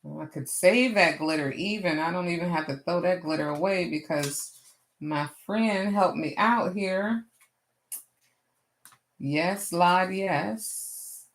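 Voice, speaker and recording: Her pitch fairly low and her pace unhurried, a craft livestream host chats easily with her audience. She laughs often, pokes fun at herself, replies to chat, and uses a Southern-style "y'all."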